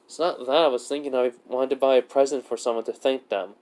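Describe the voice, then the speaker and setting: A man's voice: medium pitch, steady tone, fairly quick, darkish tone, lightly acted. A man voicing a shy, flustered young female adventurer in a fan story.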